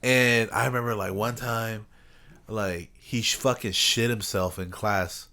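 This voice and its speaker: A man's voice: on the low side, fairly even intonation, unhurried, bright, forceful tone. A man telling a rambling school story in casual podcast chat, cursing and laughing often. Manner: rambling storyteller, heavy swearing, laughs a lot. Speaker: podcast co-host.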